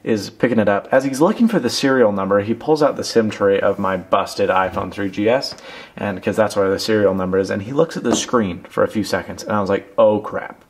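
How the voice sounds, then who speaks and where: Young male tech vlogger, slightly low voice, chatty and rambling, self-mocking. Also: fairly quick, husky. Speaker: tech reviewer. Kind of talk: casual product review vlog.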